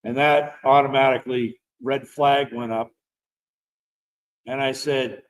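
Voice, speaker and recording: A man's voice: mid-range voice, a little slow, pauses often, low-quality recording. A middle-aged man, a veteran guest, telling a personal story in a casual, rambling way. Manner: rambling, animated storyteller who laughs while talking.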